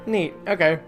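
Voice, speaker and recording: A gaming creator playing a story game, reading its text aloud with stumbles and self-corrections and breaking into excited squeals. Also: mid-range voice. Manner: chatty, trips over words while reading and corrects itself; swings to excited squeals when delighted. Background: game music.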